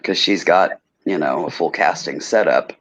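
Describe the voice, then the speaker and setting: Fairly low man co-host in laid-back chat, muffled lo-fi sound. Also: normal speed, slight background noise. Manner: relaxed, hesitant with many ums. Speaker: podcast co-host. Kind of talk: casual chat. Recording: dull lo-fi recording.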